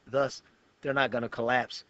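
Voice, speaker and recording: A man's voice: mid-range voice, level tone, moderate pace, sharp tone. A man, a pastor and guest on a talk show, telling a long personal story in an earnest, detailed way with frequent restarts. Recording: dull lo-fi web show recording.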